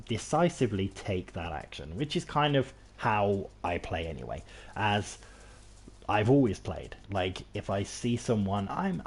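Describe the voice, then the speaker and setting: A man's voice: fairly low pitch, darkish tone, a little hiss or hum. A man with an English accent chatting casually while playing a game, rambling and self-deprecating with lots of restarts. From England. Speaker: game streamer. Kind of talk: casual gameplay commentary.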